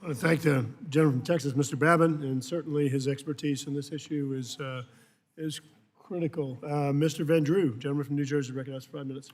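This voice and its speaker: A man chairing a committee markup, brisk and procedural, with loose spontaneous asides. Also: on the high side, steady tone. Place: large hearing room.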